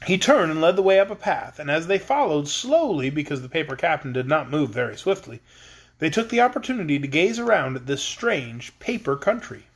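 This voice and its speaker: A man reads a children's storybook aloud, his voice sitting high and swinging widely in pitch. His narration is lively and expressive. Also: fairly quick, breathy edge. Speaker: audiobook reader.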